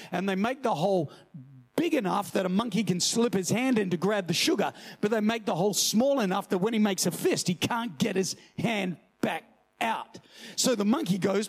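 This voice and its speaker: A man preaches with high energy, his voice pitched high and rough with a gravelly edge. He tells stories and jumps into loud shouted voices when he acts out what people say. He talks to the congregation in a casual, joking way. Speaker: pastor. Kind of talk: lively sermon.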